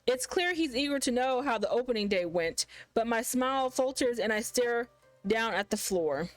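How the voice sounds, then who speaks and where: A woman's voice: a little high, lively intonation, moderate pace, no echo, faint music behind, poor audio. A woman hosting a gaming channel, reading a visual novel aloud in the first person and chatting about it expressively.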